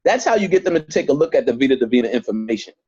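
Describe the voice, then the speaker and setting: A man's voice: mid-range voice, very animated, very fast, a little mellow, husky, dull audio. A man leading a network marketing training on a video call, emphatic and repetitive, speaking straight to his group. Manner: emphatic, repeats points, talks straight to the group.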